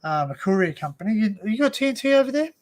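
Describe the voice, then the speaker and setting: An Australian man hosts a casual live stream from home, speaking into a desk microphone. His voice sits a little high for a man. He rambles and circles back, leaning on "you know" and "like" between his points. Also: big pitch swings, quick pace, a little mellow. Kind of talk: casual chat.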